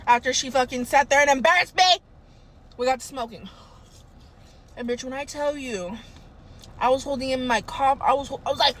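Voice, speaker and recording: A young woman telling a casual storytime anecdote in a profane, animated way. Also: sits high, slight background noise. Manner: profane, animated, swears a lot.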